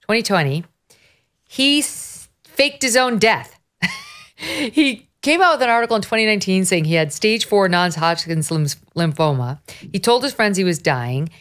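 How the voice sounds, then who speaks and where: A woman hosting a podcast, telling a story in an animated way with quick asides. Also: medium pitch. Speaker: host. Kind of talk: casual podcast commentary.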